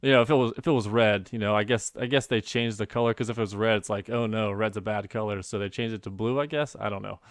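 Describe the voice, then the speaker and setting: A young adult man co-hosting a casual podcast, telling an animated story and acting out the people in it. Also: fairly low pitch, quick pace, hardly any pauses, dry recording, studio quality. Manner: animated storyteller, acts out quoted voices. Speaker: podcast co-host.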